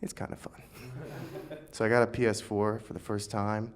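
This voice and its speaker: A man's voice: on the low side, moderate pace, clean tone. Man in his twenties doing stand-up. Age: 20s. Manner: animated storytelling, acts out dialogue. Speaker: stand-up comic. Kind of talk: stand-up set.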